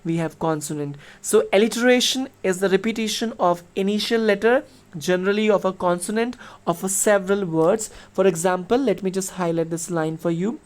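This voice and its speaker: A woman's voice: mid-range voice, fairly quick, darkish tone. A middle-aged woman teacher explains a poem to her class. She talks patiently, uses many fillers and spells words out letter by letter. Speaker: school teacher.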